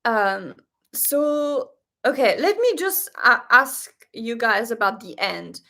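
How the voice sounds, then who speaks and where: High-pitched girl streaming from home, gushy and excitable, lots of fry on the ends. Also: slow pace. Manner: excitable and gushing, many fillers. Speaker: live stream host reacting to a series. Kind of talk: casual live stream chat. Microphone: webcam setup.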